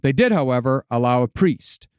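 A man's voice: medium pitch, expressive, moderate pace, darkish tone, clear, resonant tone, dry recording, studio quality. A man hosting a podcast, telling a story in a laid-back way, swearing casually and laughing often.

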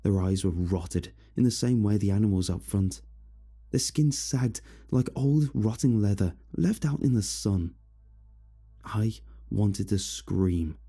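A man narrating a first-person horror story in a steady, somber manner. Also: fairly low pitch, slow, breathy edge, faint music behind.

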